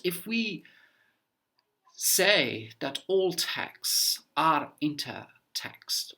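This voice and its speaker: A man lectures in a measured way, working through each idea with everyday examples. His voice carries a gravelly fry and a slightly husky edge. He sometimes trips over repeated words while thinking aloud. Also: mid-range voice, pushed and bright. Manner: measured, explaining step by step with examples; occasional stumbling repeats and fillers. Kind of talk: explanatory online lecture.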